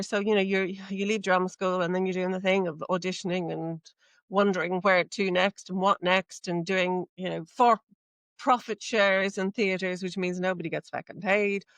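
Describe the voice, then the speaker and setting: A woman's voice: mid-range voice, dry recording. A middle-aged Irish woman, a podcast guest, telling a story in casual chat and acting out the dialogue. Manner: animated storyteller, acts out quoted dialogue.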